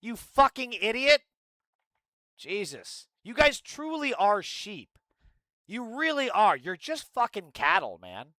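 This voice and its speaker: A man's voice: high voice, big pitch swings, slow, pushed and bright, dry recording. A man streaming heated political commentary, ranting and swearing at his chat. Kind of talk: angry livestream commentary.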